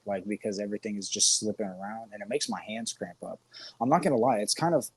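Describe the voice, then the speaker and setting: This podcast co-host talks fast in a fairly low, slightly rough voice. His crude, casual chat rambles along with profanity, jokes and frequent laughter.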